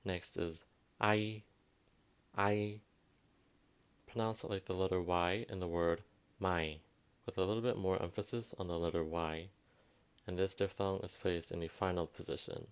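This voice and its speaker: A man with a Southwestern Vietnamese accent giving a pronunciation lesson, repeating each word slowly and carefully. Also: sits low, fairly even intonation, clear, resonant tone. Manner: slow, careful teaching, repeats words for emphasis. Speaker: language teacher.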